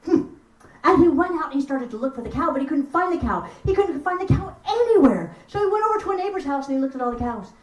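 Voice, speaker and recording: Lively woman storyteller, roomy and distant. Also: sits high, quick pace, few pauses. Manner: expressive, lively, chats with the audience. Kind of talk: live storytelling performance. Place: room at a house concert. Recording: roomy sound from far off.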